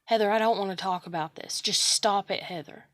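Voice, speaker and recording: A woman's voice: mid-range voice, fairly quick, fairly bright tone, no room sound, clean studio sound, lightly acted. A woman voicing a harsh, contemptuous family member who barks short angry orders. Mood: scolding. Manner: barking short angry commands.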